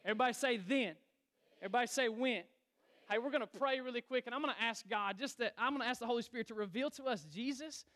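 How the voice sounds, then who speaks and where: A young man, a youth pastor preaching a lively sermon in church and calling on the congregation to answer back. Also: very high voice, quick pace. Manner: energetic, calls on the crowd to respond.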